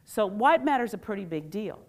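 A woman presenting a workshop to a live audience, playful and animated, asking questions and pulling the room in. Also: medium pitch, fairly quick. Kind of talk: lively talk to a live audience.

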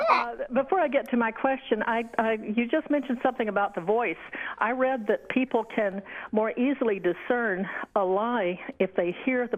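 A woman from North Florida calls into a radio show, chatty and laughing often. Her voice comes through a dull, muffled phone line. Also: mid-range voice. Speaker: caller. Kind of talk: call-in conversation. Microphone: telephone line.

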